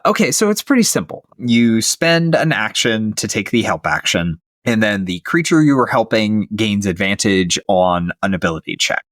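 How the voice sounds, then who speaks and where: A man hosts a podcast and explains game rules in an easygoing way. His low voice swings widely in pitch. The recording is dry and close. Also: sing-song, normal speed, hardly any pauses, fairly bright tone, dry recording. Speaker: podcast host.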